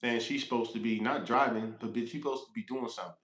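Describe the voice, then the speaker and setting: A man's voice: medium pitch, steady tone, fast talker, a bit bright, echoey room. A man who drives trucks, telling a rambling, profane road story on a casual livestream, laughing as he goes.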